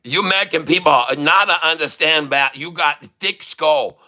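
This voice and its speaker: A man's voice: a little high, normal speed, pushed and bright. A man putting on an exaggerated fake Chinese accent in broken English, teasing and giggling between lines.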